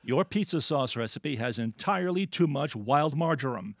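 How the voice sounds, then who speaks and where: Quiz host, male, playful and jokey, lively pitch, dry studio sound. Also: moderate pace, no echo. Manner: animated, jokey, laughs often. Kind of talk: playful radio word quiz.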